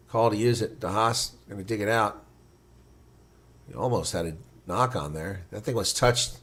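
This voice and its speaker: Blunt and opinionated, this man calls live play-by-play as reaction commentary, getting excitable and pitching his fairly low voice sharply upward when big plays happen.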